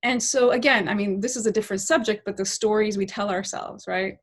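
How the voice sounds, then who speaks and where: A woman's voice: mid-range voice, fairly even intonation, fairly quick. A middle-aged woman, a political science professor and podcast guest, telling a reflective story in long, winding sentences and often checking in with "right?".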